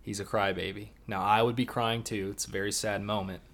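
A man's voice: fairly low pitch, a little fast. A young man co-hosting a podcast, recapping an anime episode in casual, jokey chat and punching up his emphasis. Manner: animated, swings loud on emphasis, jokey. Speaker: podcast co-host.

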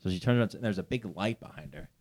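A young man, a comedian who has been drinking whiskey, telling crude stories loudly in casual podcast banter. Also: lowish voice, racing, gravelly. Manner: loud, crude storytelling with lots of swearing.

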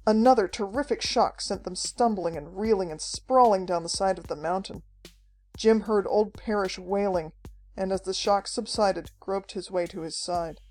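A woman narrates an adventure story in a steady, measured way. Her voice is mellow and warm, at a middle pitch. Faint music plays quietly under the reading. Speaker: audiobook narrator. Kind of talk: scripted narration.

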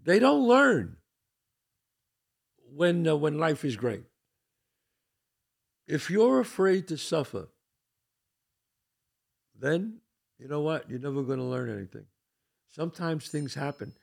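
Speaking slowly and pausing often, an older podcast host talks in a fairly high, sing-song, gravelly voice. His casual monologue is earnest and blunt, driving his points home through repetition, with some mild profanity.

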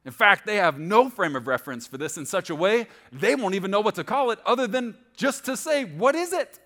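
A man preaching as a pastor, with animated storytelling and playful asides. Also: high-pitched, brisk. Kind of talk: sermon.

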